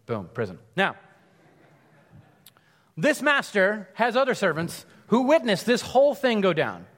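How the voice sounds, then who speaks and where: A man delivering a sermon in a lively, conversational storytelling manner, breaking off for casual asides. His voice sits a bit high for a man, and it rings out with a long reverb as if in a large hall. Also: unhurried. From United States. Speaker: preacher.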